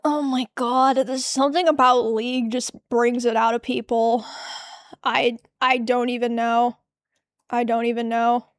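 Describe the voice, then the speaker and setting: A woman's voice: on the high side, little pitch movement, a little slow, no echo. A woman streamer chatting casually while reacting to clips, exasperated and swearing freely, often trailing off.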